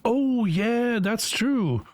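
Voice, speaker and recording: A man's voice: very high voice, animated, drawn-out words, a little mellow, dry recording, clean studio sound. A man co-hosting a podcast and interviewing a guest in casual chat, hesitant with many filler sounds.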